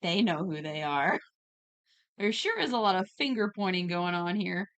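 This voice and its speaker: A woman's voice: lowish voice, animated, moderate pace, a bit bright, no echo. A woman streamer chatting casually while drawing, reading viewers' messages aloud with a giggly, playful manner. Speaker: streamer and digital artist.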